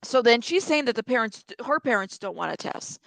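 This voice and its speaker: A woman commenting on a live stream in a loose, chatty way, stopping to answer her viewers' comments. Her voice sits a little high and sounds close and dry, with no room around it. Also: expressive, brisk, creaky, fairly bright tone, no room sound. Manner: chatty, reacts to chat comments, thinks aloud.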